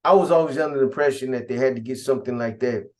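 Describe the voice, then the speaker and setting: A man's voice: mid-range voice, rapid-fire, a little mellow. A man casually recounting a prison gang story in profane street slang.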